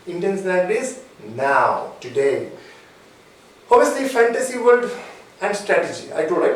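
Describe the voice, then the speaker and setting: A man giving a motivational talk as a mentor, emphatic and repeating his key phrases, sometimes slowing down to dictate points. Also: high-pitched. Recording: very echoey room, mic at a distance, faint noise.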